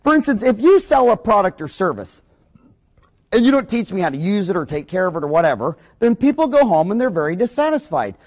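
A man's voice: sits high, big pitch swings, a little fast. A man, a dentist, giving a rambling, blunt and folksy business lecture full of anecdotes.

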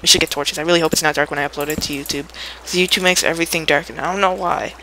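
A man's voice: on the high side, fairly even intonation, rapid-fire, bright, forceful tone, slight background noise, poor audio. A young man giving a casual, rambling gameplay tutorial, playful and chatty, humming little sound effects as he builds.

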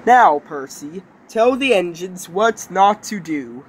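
A kindly older male engine from a storybook, steady and encouraging, voiced by a reader. He speaks slowly with a lively, varied pitch. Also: slight background noise.

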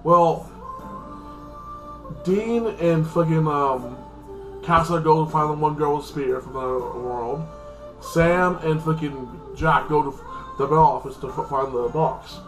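Reviewing a TV episode, a male channel host gives a loose spoken recap, slow and full of fillers such as "like" and "freaking." His voice is a bit high and fairly bright, and faint music plays in the echoey room.

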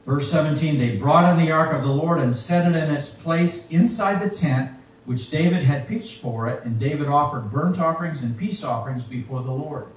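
A man preaching a sermon and reading scripture aloud in a slow, reflective way. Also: a little high, slight background noise. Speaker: pastor. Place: church. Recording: echoey, distant, muffled church recording.

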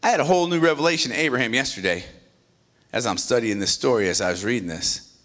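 A male pastor preaching a sermon in an animated, conversational way, with joking asides. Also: medium pitch, fast.

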